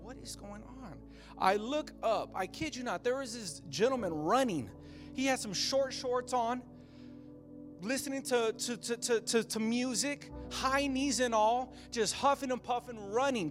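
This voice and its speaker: A man, a pastor with a young child, preaching a sermon with a passionate, repetitive cadence that builds phrase by phrase. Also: very high-pitched.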